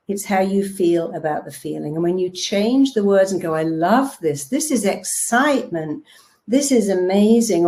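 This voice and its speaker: Woman, middle-aged, low-ish voice, hypnotherapist, motivational talk, emphatic storytelling. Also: dark tone. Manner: emphatic storytelling, acting out quotes.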